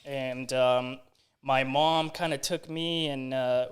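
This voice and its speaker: A man's voice: mid-range voice, fairly even intonation, slow, smooth. A man born in Iran and raised in England, a podcast guest speaking in casual, chatty banter. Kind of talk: casual chat.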